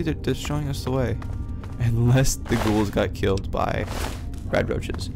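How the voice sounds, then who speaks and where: A man's voice: mid-range voice, vocal fry. A man giving rambling let's play commentary, swearing and breaking into jumpy outbursts, with game music behind him. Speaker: gameplay commentator.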